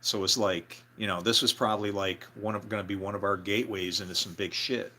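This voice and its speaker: A man's voice: lowish voice, steady tone, a little fast, bright, forceful tone. A man telling a story from his own life in a casual, rambling way, full of fillers and restarts. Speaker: storyteller, former band member.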